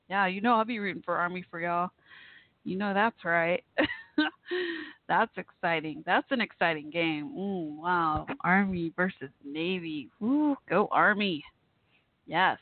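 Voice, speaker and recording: A woman hosting a live call-in show, chatting casually and giggling often, warm and effusive toward her listeners. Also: on the low side, no room sound. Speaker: radio show host. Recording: tinny phone-like line, dry.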